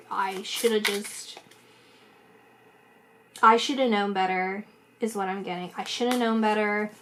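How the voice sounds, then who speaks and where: A woman giving a psychic tarot reading in a rambling, emphatic way, talking fast with many fillers and restarts. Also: mid-range voice, a bit bright. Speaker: tarot reader.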